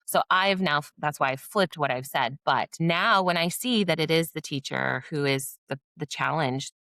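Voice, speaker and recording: A woman with a low speaking voice talks frankly about coaching teachers, sliding into little acted-out scenes as she goes. The recording is dry and close, with no room sound. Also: normal speed, dry recording. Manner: candid, animated, acts out teacher dialogue. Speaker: behavior coach and former dean of students. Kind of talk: podcast interview.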